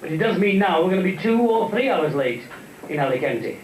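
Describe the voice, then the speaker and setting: Comedian playing an unflappable airline pilot on the speaker, echoey live room. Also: male voice, sits high, expressive, brisk, distant mic, a little hiss or hum. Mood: calm. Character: calm airline pilot making announcements.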